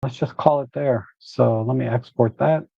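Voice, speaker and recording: A man hosting a live photo editing walkthrough, relaxed and thinking aloud as he works. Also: mid-range voice, moderate pace, creaky, breathy edge, no echo, lo-fi sound.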